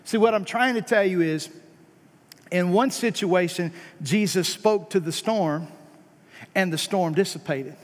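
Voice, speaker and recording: A man with a fairly high voice delivers a sermon in a church, his words trailing off into a long hall reverb. He moves from easy conversational asides and rhetorical questions to emphatic, climbing peaks, then sinks low for quiet points. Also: a little slow. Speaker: preacher.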